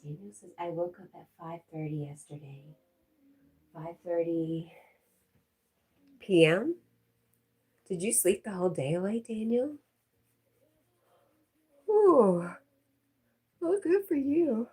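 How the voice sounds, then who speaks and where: Low-voiced chatty woman streamer. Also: unhurried, long pauses, mellow, breathy edge. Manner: chatty, talks to her dog and viewers, laughs often. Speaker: livestream host reading chat. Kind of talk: casual chat livestream.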